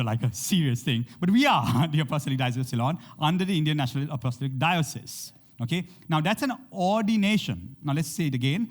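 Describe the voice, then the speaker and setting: A man preaching a sermon to a congregation, reading scripture aloud and often checking in with "okay?". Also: on the high side. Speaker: pastor.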